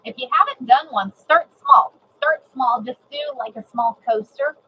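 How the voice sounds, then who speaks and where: A woman giving a live sewing demonstration, chatty and excitable, repeating herself and greeting viewers. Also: fairly high pitch, moderate pace, breathy edge, highs cut off. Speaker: sewing instructor.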